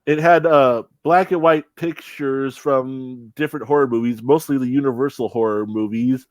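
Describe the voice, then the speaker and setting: A man's voice: medium pitch, fairly even intonation, moderate pace, no echo. A young man co-hosting a casual chat, rambling with many fillers and restarts. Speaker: podcast co-host.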